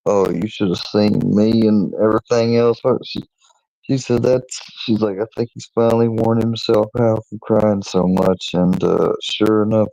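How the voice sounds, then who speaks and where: A man casually telling a personal story to his channel, in a meandering, halting way with many restarts. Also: lowish voice, gravelly, warm tone, no echo, low-quality recording. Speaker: channel owner.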